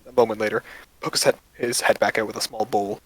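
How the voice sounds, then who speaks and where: A man's voice: lowish voice, steady tone, fairly quick, fairly bright tone, husky, no room sound, low-quality recording. A man narrating as game master of a tabletop game, casual and rambling with fillers.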